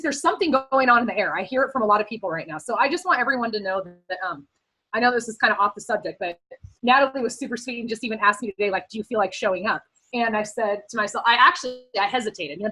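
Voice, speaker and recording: Woman on a team video call, bright a bit husky voice, rambly and encouraging, kinda teary. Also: a little high, poor audio. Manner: earnest, encouraging, rambling with fillers. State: emotional, close to tears at times. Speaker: team member sharing advice on a team call. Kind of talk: casual motivational talk on a video call.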